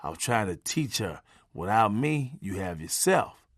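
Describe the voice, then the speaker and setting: Lively, animated storytelling man. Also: on the low side, measured pace, no echo, clean studio sound. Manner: animated, punchy, folksy, salty language. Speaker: memoir narrator. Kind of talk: conversational storytelling narration.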